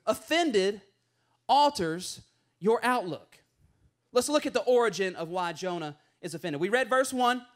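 Male pastor, very high voice, lively and playful sermon delivery. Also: moderate pace, few pauses. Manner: animated, playful, acts out voices in stories.

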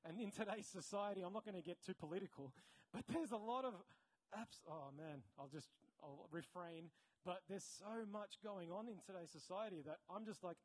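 An Australian man giving a conversational sermon as a preacher, often correcting himself mid-sentence and breaking into animated asides. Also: sits high, normal speed, rough recording.

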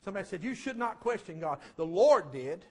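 A high-voiced preacher man in mid-life delivers a fervent sermon testimony. He rides his voice up into ringing cries, then brings it down to a quiet, earnest hush. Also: sing-song, a little fast. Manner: fervent, rising to shouts then dropping to a low hush.

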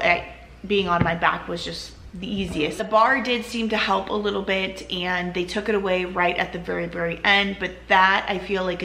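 A woman's voice: medium pitch, vocal fry, pushed and bright, roomy sound. A woman vlogger casually telling her own story to camera, chatty and full of "like" and "you know".

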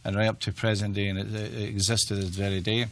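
Older Glaswegian man, lowish voice. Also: level tone, a little hiss or hum. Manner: reflective, halting with restarts. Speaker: retired football manager, guest. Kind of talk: interview conversation.

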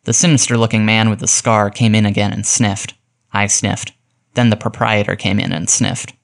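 A man reads a classic mystery aloud in a measured, steady storytelling delivery. His voice sits somewhat low. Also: vocal fry. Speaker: audiobook narrator. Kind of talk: scripted audiobook narration.

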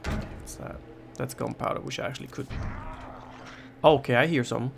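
With a gravelly, medium-pitched voice at a moderate pace, a gaming YouTuber swears and frets his way through a horror game, echoing his own words when frightened. A little hiss or hum sits in the recording.

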